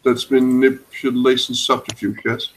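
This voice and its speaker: A man who is a player in a tabletop game, talking quickly and joking. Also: mid-range voice, level tone, slight background noise, low-quality recording.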